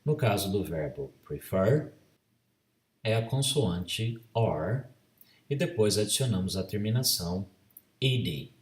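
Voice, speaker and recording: A Brazilian man teaching a grammar lesson, with a Brazilian accent, speaking slowly and deliberately, spelling out letters and repeating each rule. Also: on the low side, lively intonation, darkish tone, roomy sound, distant mic. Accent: Brazilian Portuguese. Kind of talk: slow bilingual grammar lesson.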